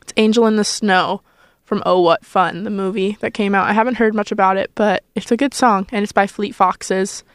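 A young college radio host in her twenties talks into a studio mic in a smooth, clear voice. Her chat is loose and rambling, full of fillers and little self-conscious asides. The sound is dry and close, with no room echo. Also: mid-range voice, steady tone, normal speed. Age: 20s. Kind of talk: casual on-air chat.

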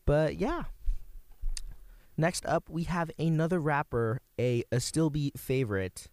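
A man's voice: on the high side, unhurried, darkish tone, dry recording. A young man hosting a college radio show, chatting casually and enthusiastically between songs, rambling with lots of fillers.

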